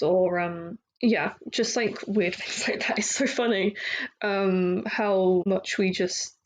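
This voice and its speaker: A woman's voice: mid-range voice, fairly even intonation, slow, poor audio. A young woman hosting a casual solo podcast, talking candidly and rambling with lots of fillers and restarts. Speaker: podcast host.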